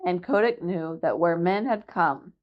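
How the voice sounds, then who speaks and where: A woman narrating a classic chapter book aloud for a library reading program, in a clear, steady storytelling manner. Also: on the low side, measured pace, dull audio. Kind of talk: audiobook narration.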